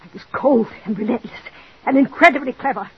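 An actress playing a desperate jealous wife. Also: female voice, a little high, a little fast, slight background noise, lightly acted. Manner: pleading, overwrought, breathless. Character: desperate jealous married woman, Mrs. Bradley. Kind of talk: 1940s radio drama acting. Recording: dull old radio recording.

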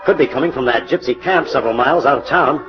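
Calm investigator, man acting, explanatory, old radio, music under. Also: mid-range voice, fast, lo-fi sound, lightly acted.

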